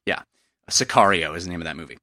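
Bright-voiced male podcast host, robotic Skype audio. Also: low voice, quick pace, dry recording, studio quality. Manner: chatty, laughing, lots of fillers. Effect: glitchy robotic Skype audio. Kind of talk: casual podcast chat. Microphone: remote call over Skype.

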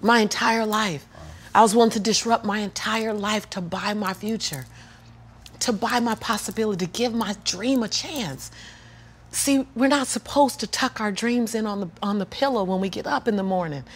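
A middle-aged woman and motivational speaker telling a personal story in an interview, lively and acting out the people in it, then preaching with repeated phrases. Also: mid-range voice, moderate pace, breathy edge. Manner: animated, acts out the people in her story.

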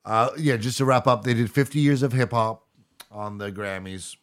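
A mid-pitched man co-hosting a podcast in casual chat. He talks hesitantly, stumbling over words with frequent fillers. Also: fairly even intonation, normal speed. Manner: hesitant, filler-laden delivery with stammers. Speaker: podcast co-host.

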